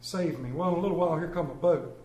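Rapid-fire and dark in tone, this man's high-sitting voice delivers a church sermon full of folksy, comically exaggerated stories. Echo fills the room.

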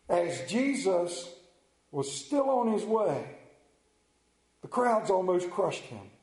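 A middle-aged man preaching a sermon, emotional and intense, moving between loud fervor and hushed reading. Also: sits high, reverberant.

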